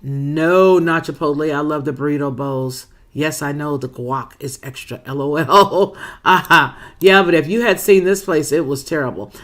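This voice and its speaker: A woman's voice: deep voice, moderate pace, few pauses. A woman hosting a casual livestream, reading viewer comments aloud and greeting people by name in a chatty, folksy way. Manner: talks to viewers as girl, baby and boo-boo. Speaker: livestream host.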